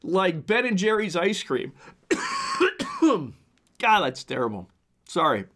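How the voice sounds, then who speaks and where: A man of fifty, hoarse from the flu, hosting a casual solo podcast monologue into a desk mic and rambling with many restarts. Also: sits high, sing-song, slow, pushed and bright. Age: 50s. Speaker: podcast host.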